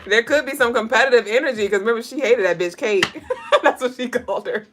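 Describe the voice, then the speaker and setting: A woman's voice: fairly high pitch, very noisy. A woman hosting a casual livestream of daily spiritual and tarot readings. She is chatty and profane, laughs often, and reads chat comments aloud.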